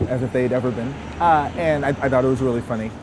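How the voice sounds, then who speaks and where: A young man from Memphis telling a personal story in a lively way, laughing often and acting out quotes. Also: medium pitch. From Memphis, Tennessee. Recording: outdoor recording with street noise.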